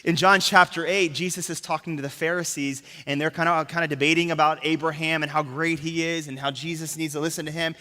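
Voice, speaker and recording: A man pastor preaching a sermon, emphatic, dropping to a hush on key words and asking rhetorical questions. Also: on the high side, fairly even intonation, a little fast, hardly any pauses. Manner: asks the crowd rhetorical questions. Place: church sanctuary. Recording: long reverb of a church hall.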